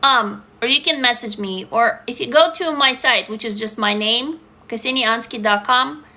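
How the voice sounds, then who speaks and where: Author, female, candid live-stream chat; crisp, bright tone, swears freely. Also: on the high side, moderate pace. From Russia. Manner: candid and blunt, swears freely, laughs through heavy topics. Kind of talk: casual live-stream chat answering comments.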